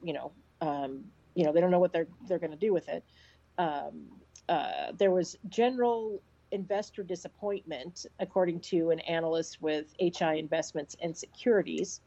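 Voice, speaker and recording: A woman co-hosting a casual talk show, reading news reports in a relaxed way, with fillers. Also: on the low side, moderate pace, vocal fry, muffled recording. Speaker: co-host.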